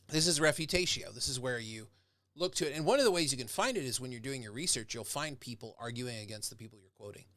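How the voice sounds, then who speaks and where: A man's voice: medium pitch, animated, fast talker, a bit bright, dry recording, studio quality. A man, a professor, giving a casual lecture. He talks conversationally and acts out example speakers with growing intensity.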